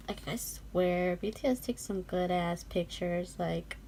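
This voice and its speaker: A young woman vlogger chatting casually through an unboxing, gushing and giggling, often dropping to a soft whisper. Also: fairly low pitch, creaky, slight background noise.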